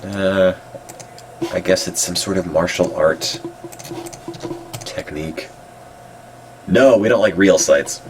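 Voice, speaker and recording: A congested man making dry, deadpan remarks while browsing and reading out old web pages. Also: low voice, slow pace, pauses often, slight background noise.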